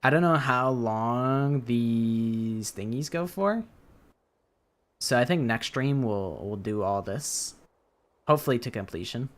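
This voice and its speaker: A man's voice: medium pitch, lively intonation, takes it slowly. Tired rambling male streamer. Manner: rambling, hesitant, trails off. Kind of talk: casual gameplay chat. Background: game music.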